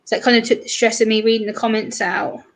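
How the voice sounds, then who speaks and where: Chatty British woman, higher voice. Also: flat delivery, background noise. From Britain. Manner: chatty, acts out what others said in quick bright voices. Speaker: livestream host. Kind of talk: casual livestream chat.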